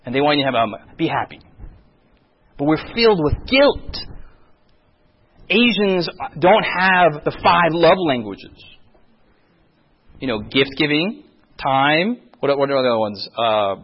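A man's voice: on the high side, big pitch swings, a little slow, pauses often, breathy edge, dull audio. A man in his thirties, a pastor, giving a sermon-style presentation and often asking the audience questions, with self-mocking humor. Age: 30s.

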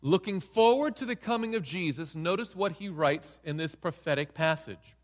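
A man's voice: a little high, expressive, moderate pace, hardly any pauses. A man preaching a sermon in a dramatic style, questioning his listeners. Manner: dramatic, acts out voices in quotes, asks the audience questions. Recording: reverberant hall.

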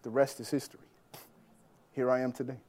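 A man preaching a sermon as a personal story, animated, swinging between loud bursts and hushed lines. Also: mid-range voice, a little fast. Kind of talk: sermon testimony.

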